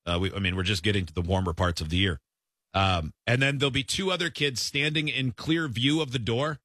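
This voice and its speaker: Bright-voiced male radio host. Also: mid-range voice, brisk, no echo, clean studio sound. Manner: easygoing, chuckling between bits. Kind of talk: casual chat reading listener texts.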